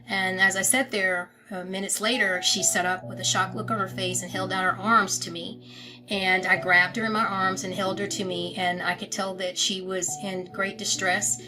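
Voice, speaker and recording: A woman giving a somber, measured, plain-spoken personal account to her followers. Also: medium pitch, little pitch movement, music in the background, rough recording. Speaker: family member making an announcement.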